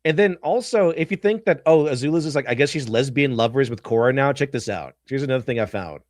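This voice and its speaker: A man hosting a stream, commenting casually in a rambling, animated way and often breaking into laughs. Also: mid-range voice, fast, no echo. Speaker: stream host.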